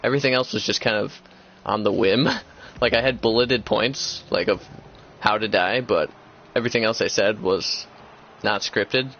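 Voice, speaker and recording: A young man with a lowish voice talks casually as the host of a gaming chat, rambling and circling back with many fillers and restarts. The recording sounds dull and lo-fi. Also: moderate pace, few pauses, fairly bright tone, slight background noise.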